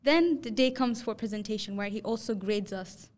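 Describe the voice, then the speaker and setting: A young woman hosting a podcast, telling a story in casual chat and acting out the quotes with lively jumps in her voice. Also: moderate pace. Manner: animated, acts out quotes with rising pitch. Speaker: podcast host.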